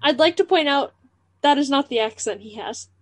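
A woman's voice: high-pitched, expressive, normal speed, no room sound, studio quality. A woman co-hosting a podcast in casual chat, with wry, sarcastic quips. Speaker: podcast co-host.

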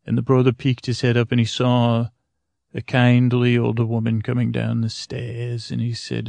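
A man's voice: mid-range voice, completely flat delivery, normal speed, creaky, darkish tone, dry recording. A man improvising a bedtime story, rambling with many fillers and self-corrections.

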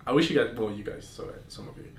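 A man's voice: fairly low pitch, animated, rapid-fire. A man hosting a podcast, telling explicit stories in casual chat, full of fillers and restarts. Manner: candid, explicit storytelling with frequent fillers. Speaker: podcast host. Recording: roomy sound, far from mic, faint noise.

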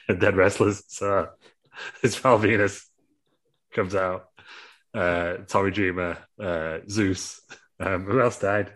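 A man telling a rambling, laugh-filled story in casual podcast chat, swearing freely. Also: lowish voice. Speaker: podcast co-host.

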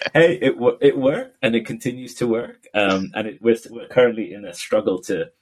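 A man from Abu Dhabi hosts a casual podcast chat, talking freely in a self-deprecating way and often restarting his sentences. His voice is mid-range and his pace moderate.

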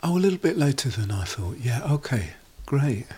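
A man's voice: medium pitch, big pitch swings, moderate pace, dark tone, breathy edge. Male podcast co-host, friendly and encouraging, casual. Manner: friendly, encouraging, tentative questions.

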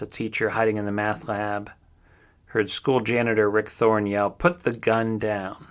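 A man's voice: fairly low pitch, a bit bright. A middle-aged man hosting a true crime recap, speaking somberly and steadily with fillers and personal asides. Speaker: podcast host.

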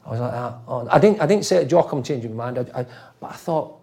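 A man's voice: mid-range voice, fast talker, warm tone. A middle-aged man telling football stories in a casual interview, acting out voices and swearing freely. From England, raised in Leeds. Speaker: former footballer guest.

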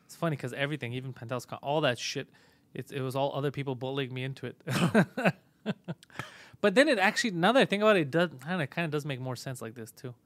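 A man's voice: mid-range voice, fast talker, a bit bright, no room sound. A man hosting a podcast in casual chat, laid-back and self-mocking, swearing freely. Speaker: podcast host.

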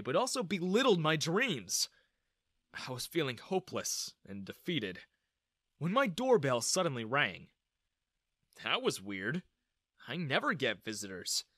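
Expressive male storyteller, bright tone, lively pitch, dry booth sound. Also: no echo. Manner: dramatic, expressive. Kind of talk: first-person story narration.

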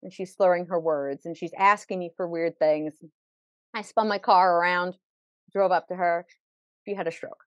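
A lowish, fairly even-toned female voice at normal speed belongs to a podcast guest who narrates a lively personal story. She imitates the people she quotes and repeats words when feelings run high. The sound is lo-fi with no room sound.

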